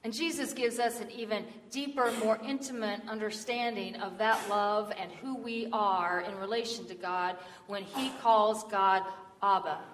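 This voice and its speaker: A woman preacher giving a sermon, telling a story in a soft voice that drops low on solemn lines. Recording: echoey hall from far off.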